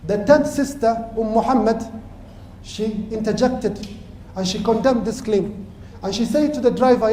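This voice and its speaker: A man with a very high voice preaches a cautionary story in an impassioned sermon. His tone is mellow and he builds to emphatic peaks. The recording carries roomy echo with faint background hiss. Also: unhurried.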